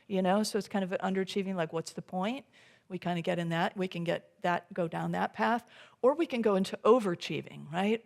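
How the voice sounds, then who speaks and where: A woman with a medium-pitched voice and some vocal fry addresses a church congregation from the sanctuary. Her sermon is loose and talkative, with frequent fillers and restarts, and she performs her inner monologue as quotations.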